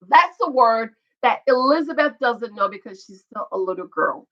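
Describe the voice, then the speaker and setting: Woman, reality TV recap vlogger, higher-pitched, gossipy and opinionated, chatty asides, dull lo-fi recording. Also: lively intonation, normal speed, few pauses. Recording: dull lo-fi sound.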